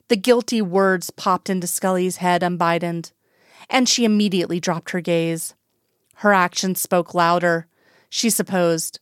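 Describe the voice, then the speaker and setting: A woman reading a story aloud in calm, even narration. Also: lowish voice, a little slow, smooth, no room sound, studio quality. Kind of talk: audiobook narration.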